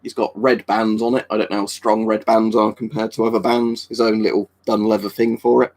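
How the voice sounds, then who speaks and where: A man from England runs a live stream, responding to viewers' comments in loose, offhand chatter packed with fillers and restarts. His voice is lowish, fairly quick and a little mellow, with little pitch movement.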